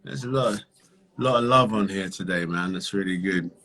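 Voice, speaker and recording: A man hosting a casual livestream chat, greeting viewers by name in a laid-back, halting way. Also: deep voice, a bit bright. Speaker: livestream host.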